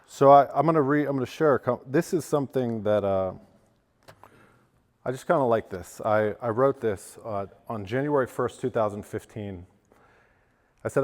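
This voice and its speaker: A man's voice: medium pitch, normal speed, darkish tone. A man from western Pennsylvania giving a personal recovery testimony as a guest speaker at a lunch. He talks earnestly, his voice cracks with emotion and he often restarts his sentences. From western Pennsylvania, USA. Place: event hall at a lunch. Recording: long hall reverb.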